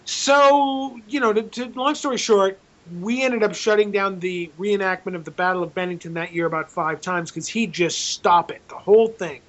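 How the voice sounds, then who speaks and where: Guy with a fairly high voice spinning a lively, rambling story, kinda muffled lo-fi audio. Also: normal speed, few pauses. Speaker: film director, interview guest. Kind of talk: animated anecdote telling.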